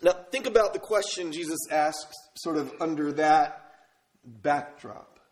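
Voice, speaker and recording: A man's voice: a little high, a little slow. A man from Minnesota preaching a sermon as pastor, telling stories conversationally and asking the congregation rhetorical questions. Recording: echoey room.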